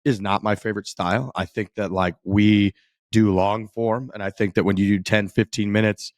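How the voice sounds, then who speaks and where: Laid-back low-voiced man, dry mic. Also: level tone, moderate pace, no echo. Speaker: podcast host. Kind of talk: casual chat and show intro.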